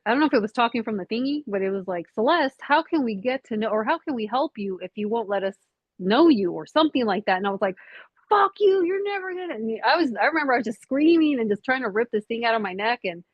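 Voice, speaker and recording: Animated woman telling a dream story. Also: mid-range voice, no echo. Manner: animated storytelling, swears, laughs often. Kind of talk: casual chat. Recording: dull lo-fi call audio.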